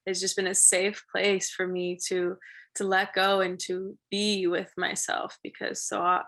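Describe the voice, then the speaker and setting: Young female podcast host, bubbly and giggly, gravelly fry on her voice, relaxed solo chat. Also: medium pitch. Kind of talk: casual solo podcast talk.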